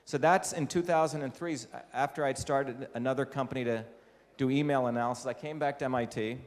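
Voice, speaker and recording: A man of ordinary pitch lectures to a live audience with emphatic, punchy delivery, often asking the room rhetorical questions. He is from India. His voice rings with the long reverb of a lecture hall. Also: steady tone, fairly quick. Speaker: invited lecturer.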